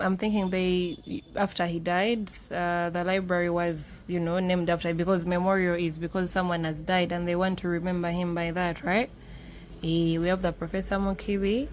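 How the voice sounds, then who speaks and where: A woman from Uganda giving a casual walking tour of a campus outdoors, chatty, often tagging lines with "yeah?" and "eh?". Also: mid-range voice.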